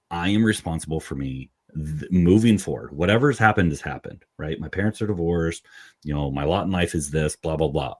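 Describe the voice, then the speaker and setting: Deep-voiced man, fired-up podcast co-host. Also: a little mellow. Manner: motivational, punchy repetition. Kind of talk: casual podcast chat.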